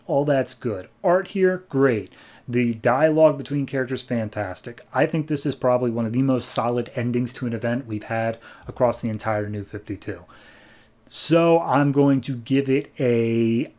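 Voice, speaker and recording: An American man in mid-range pitch hosts a comics podcast, chatting casually through a recap. He tells the story in an animated way, now and then slipping into quick character voices before dropping back to his own review. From United States. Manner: animated retelling, voicing characters in quick bursts.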